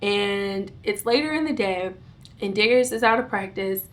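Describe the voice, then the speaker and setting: A young adult woman tells a storytime vlog, recounting events in an animated, dramatic way with bursts of giggling. She has a mid-range voice and speaks at normal speed.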